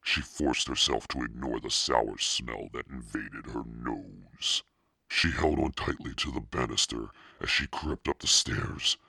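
A demonic Satan narrator reads a spooky storybook in a bottomless, gravelly rumble. He drags out every word slowly and menacingly, his breathy rasp sitting close in a completely dry studio. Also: sharp tone, dry recording, full character voice. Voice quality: extremely deep, gravelly and husky. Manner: slow, menacing storytelling drawl. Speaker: podcast narrator. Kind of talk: scripted narration.

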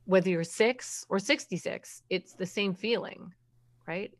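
A middle-aged woman speaks as a parenting expert in a relaxed interview. Her voice sits at an ordinary pitch. She is emphatic and keeps tossing in rhetorical questions. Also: unhurried. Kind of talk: conversational podcast explanation.

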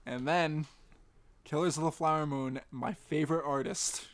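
A man's voice: fairly high pitch, steady tone, normal speed. A man co-hosting a movie podcast in casual chat, joking and sarcastic. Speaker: podcast co-host.

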